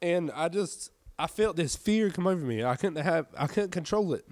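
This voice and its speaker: A man's voice: on the high side, lively intonation, normal speed, a little mellow, no room sound. A young man giving an earnest, emotional personal faith testimony, sounding tired and subdued. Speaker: church member giving testimony.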